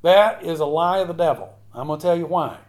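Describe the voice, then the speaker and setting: A man's voice: on the high side, a little fast. A man preaching a sermon as a pastor, building up to emphatic repeated lines.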